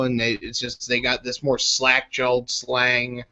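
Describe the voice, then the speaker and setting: A man's voice: mid-range voice, monotone, slow pace, hardly any pauses, bright, forceful tone. A man hosting a casual online group chat, rambling and joking with many fillers. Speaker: podcast host. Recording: slightly muffled with faint hiss.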